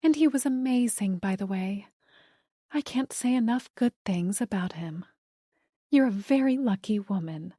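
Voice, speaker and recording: A woman's voice: mid-range voice, expressive, a little slow, warm tone, dry recording, studio quality. A woman voicing a glamorous, effusive divorcee. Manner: effusive, breezy.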